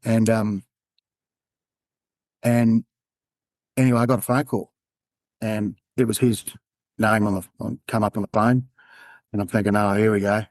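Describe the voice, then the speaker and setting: A man with an Australian accent, a podcast guest telling a personal story in a candid, halting way. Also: on the low side, fairly even intonation, a little mellow, no echo. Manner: candid, halting, acts out quoted dialogue. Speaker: podcast guest, former undercover police officer.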